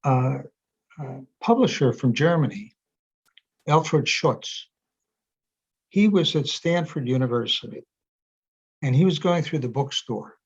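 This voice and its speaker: Older male guest, casual storyteller, husky voice, muffled video-call sound. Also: mid-range voice, lively intonation, slow, pauses often. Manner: rambling anecdotes with many fillers and restarts. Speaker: interview guest, energy psychology author. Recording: dull lo-fi sound.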